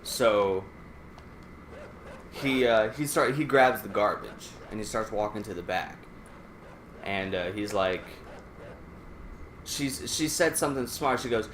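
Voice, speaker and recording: A man's voice: on the low side, takes it slowly, long pauses, fairly bright tone, a little hiss or hum. A man casually telling a rambling, profane story while playing a game. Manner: profane, rambling anecdote with restarts. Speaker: let's play gamer. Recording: echoey room.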